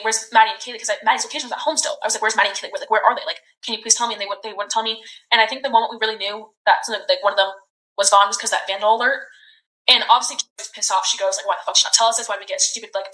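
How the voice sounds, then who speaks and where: A young woman in her twenties recounting events in a recorded police interview, talking in halting, rambling bursts full of "like". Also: mid-range voice, bright, forceful tone. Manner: halting, rambling, heavy use of "like". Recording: roomy echoey room.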